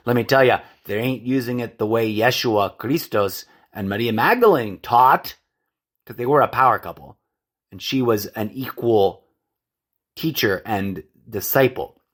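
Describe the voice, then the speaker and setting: A mid-range male voice with a fairly bright tone carries this solo podcast monologue. The host rambles and rants, frequently revises what he just said, and greets listeners as folks and friends.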